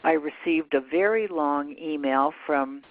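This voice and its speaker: A woman's voice: sits low, unhurried. An older woman lectures in an explanatory way, walking her listeners through slide examples. Her voice comes through a narrow, tinny channel, like a phone line, with a very dry sound and no room echo. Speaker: plain language consultant giving a presentation. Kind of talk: lecture presentation.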